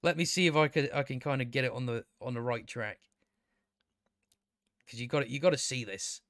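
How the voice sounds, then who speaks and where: A man's voice: mid-range voice, fairly quick, fairly bright tone, no room sound, clean studio sound. A man giving a casual, ranting review of a show, blunt, sarcastic and profane, often restarting his sentences.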